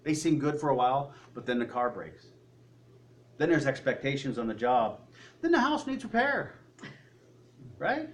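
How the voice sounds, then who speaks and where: A man preaching a sermon, swinging between loud, high peaks and low, quiet asides. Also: big pitch swings, normal speed, long pauses.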